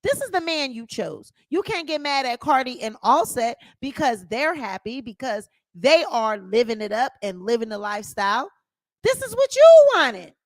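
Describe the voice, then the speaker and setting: Sassy high-voiced woman dishing gossip. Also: lively intonation, moderate pace, hardly any pauses, dry recording. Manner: sassy and opinionated, calls viewers honey. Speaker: celebrity gossip vlogger. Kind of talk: celebrity gossip commentary.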